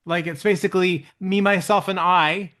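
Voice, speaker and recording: A man giving relaxed political commentary in a casual podcast chat. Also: high-pitched, moderate pace.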